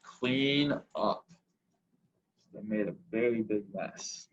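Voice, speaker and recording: A man reading picture books aloud at a library story time, slow and unhurried, adding short comments of his own. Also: on the low side, lo-fi sound.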